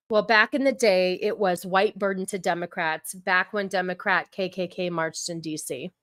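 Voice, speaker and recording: A woman streamer reacting to clips in casual commentary, sarcastic and ranting, mocking and quick to laugh. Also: fairly low pitch, fairly even intonation, fairly bright tone, no echo, studio quality.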